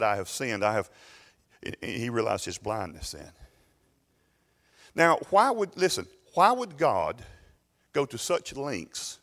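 A pastor with a lowish, slightly bright voice gives a sermon, retelling a story and voicing its characters. The recording, made in a church sanctuary, carries the long reverb of the hall.

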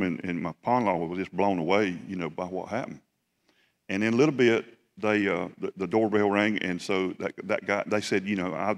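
A man from South Georgia with a Southern US accent, preaching a lively testimony sermon with animated storytelling. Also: on the low side. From South Georgia, USA. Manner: animated storytelling, building to fervent praise. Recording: reverberant hall.

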